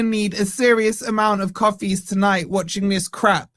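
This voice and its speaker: A slightly high-voiced man hosts a live football watch-along stream from his home setup. He keeps up a steady flow of banter and shout-outs to his viewers. The sound is close and dry, with no room around it. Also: moderate pace, hardly any pauses, dry recording. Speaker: fan channel host.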